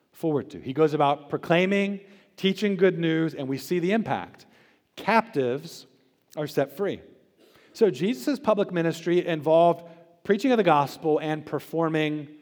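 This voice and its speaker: A male pastor delivering a sermon, pressing hard on key words and then dropping to a near hush at the ends of phrases. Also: on the high side. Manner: emphatic preaching, swinging between loud stresses and quiet drops. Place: church sanctuary. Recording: long church reverb.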